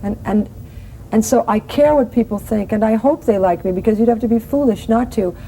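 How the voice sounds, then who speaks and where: A woman's voice: on the high side, warm tone, a little hiss or hum, low-quality recording. A woman in her forties, a guest actress in a casual TV interview, talking earnestly and restarting her sentences often. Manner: earnest, halting, many restarts.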